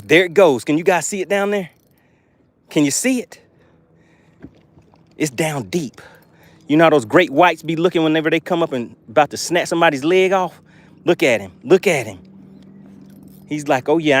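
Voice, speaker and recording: Young male fishing host, outdoors on a boat, animated delivery, fairly high voice, dry close sound. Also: no room sound. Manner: animated, hypes viewers, playful made-up words. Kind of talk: excited live fishing commentary.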